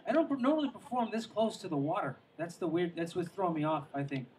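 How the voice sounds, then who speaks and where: High-voiced rambling stand-up comic outdoors. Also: male voice, very animated, quick pace, far from the mic, noisy background. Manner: rambling, self-mocking, trails off with asides. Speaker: stand-up comedian. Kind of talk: stand-up comedy set. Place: outdoor show near the water.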